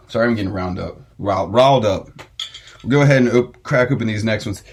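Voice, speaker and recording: A man's voice: lowish voice, a little fast. A young man hosting a casual podcast chat, ranting and swearing with frequent laughs. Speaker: podcast host.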